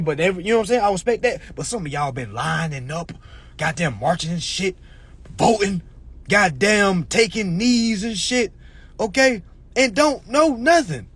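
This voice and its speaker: A man delivering a casual, preachy rant to his viewers, swearing freely, tagging his points with "all right?" and swinging between murmurs and shouts. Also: sits high, slightly rough, no echo. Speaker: social media commentator. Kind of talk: casual ranting monologue.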